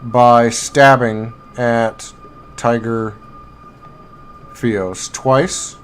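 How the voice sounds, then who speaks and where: A man narrating as game master for a live tabletop game, halting and filler-heavy as he describes the action. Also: mid-range voice, fairly even intonation, soft background music. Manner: halting, with many fillers and restarts. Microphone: streaming mic.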